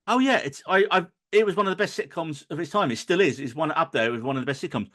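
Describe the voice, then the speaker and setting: A man's voice: on the high side, animated, quick pace, fairly bright tone. A man hosting a podcast chat, playful and mock-indignant while moderating friends. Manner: jokey, mock-angry. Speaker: podcast host.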